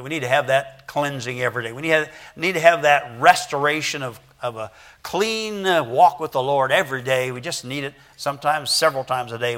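An older man preaches a Sunday sermon in a loose, folksy style, stopping and restarting his sentences as he goes. His voice has a bright, forceful edge at a middle pitch. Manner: acts out children's voices in anecdotes. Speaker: pastor.

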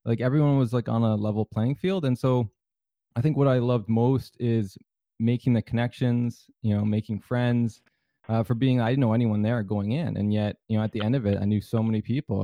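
A man's voice: medium pitch, steady tone, moderate pace, dark tone, no echo. A man hosting a podcast in a casual, easygoing way, with lots of fillers and restarts. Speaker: podcast host.

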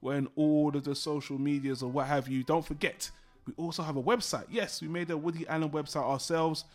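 A man with a slightly higher voice hosts a casual film podcast. He is showy and teasing, and he plays up the drama for his co-host. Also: steady tone, a little fast, soft background music.

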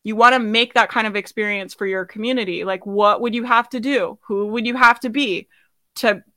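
A woman's voice: fairly high pitch, steady tone, moderate pace, bright, forceful tone, no room sound. A woman business coach giving a live sales training, blunt and swearing casually, asking her audience questions and laughing often.

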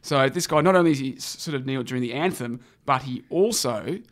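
Young aussie podcast host, fast and opinionated, keeps it moving. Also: male voice, mid-range voice. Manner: brisk, opinionated, drives the topics. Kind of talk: casual political chat.

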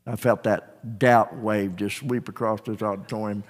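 A man's voice: on the low side, fairly even intonation, normal speed, in a large hall. A young man preaching a sermon in an auditorium, telling a story animatedly and acting out the voices of people in it. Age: young adult. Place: large auditorium.

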